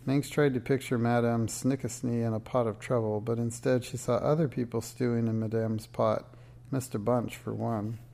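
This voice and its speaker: A man reading a children's book aloud in a steady, measured storytelling way. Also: medium pitch, creaky. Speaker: narrator.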